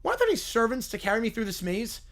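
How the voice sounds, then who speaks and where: A man voicing a spoiled little girl who acts like a princess, whining and bossing everyone around in a raised, drawn-out voice. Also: very high voice, huge pitch swings, a bit bright, voice pushed up, exaggerated voice. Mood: whiny. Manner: whining, bratty, drawn-out complaints.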